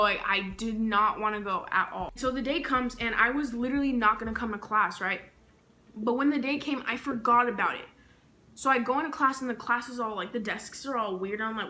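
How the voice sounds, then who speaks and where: A young woman vlogger telling embarrassing stories in a casual, animated, slangy way while carving a pumpkin. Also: a little high, normal speed, a little hiss or hum. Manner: animated, slangy, acts out quotes. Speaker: beauty vlogger.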